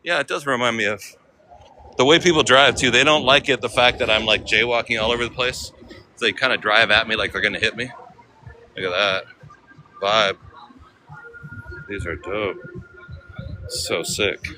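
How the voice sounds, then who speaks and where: A man's voice: on the low side, steady tone, moderate pace, pauses often, bright, forceful tone, slight background noise. An American man live-streaming as he walks city streets, chatting casually with viewers in slang. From United States. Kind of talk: walking live-stream vlog.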